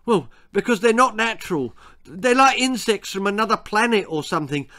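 A man reading aloud, voicing a boastful prankster schoolboy who talks quickly and excitably. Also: high voice, voice pushed up. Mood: jittery.

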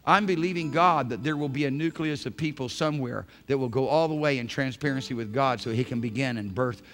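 A male pastor preaching a sermon in church, swinging from hushed, intimate phrases to shouted emphasis. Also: medium pitch, a little fast. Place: church sanctuary.

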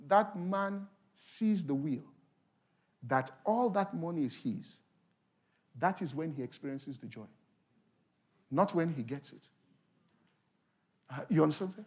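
A man preaching at a conference in a fairly high voice. He keeps it animated, acting out short exchanges and asking the congregation questions as he teaches. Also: measured pace, long pauses. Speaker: pastor. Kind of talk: sermon. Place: conference hall.

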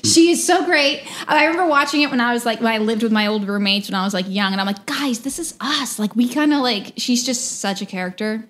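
A woman's voice: on the high side, fast, few pauses, a bit bright. Chatty American woman podcaster. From United States. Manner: rambling, chatty, laughs often. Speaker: podcast co-host. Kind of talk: casual true-crime podcast chat.

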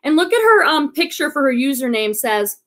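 A woman's voice: high-pitched, big pitch swings, moderate pace. A woman hosting a live reselling stream in a bubbly, enthusiastic chat, a little out of breath. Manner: bubbly, enthusiastic, addresses viewers as friends. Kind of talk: chatty livestream hosting.

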